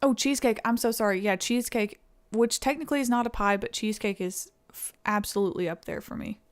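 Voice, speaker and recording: A woman's voice: fairly high pitch, quick pace. A young woman from East Tennessee with a Southern accent, chatting casually with viewers on a live stream and thanking them. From East Tennessee, USA.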